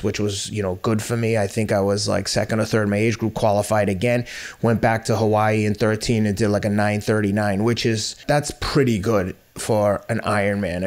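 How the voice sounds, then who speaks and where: Man, fifties, podcast guest, lowish voice, blunt, self-deprecating, casual cursing. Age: 50s. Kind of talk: candid storytelling interview.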